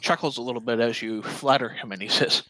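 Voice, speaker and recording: A man narrating a tabletop game as game master, calm and descriptive. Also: mid-range voice, fast, dry recording, low-quality recording.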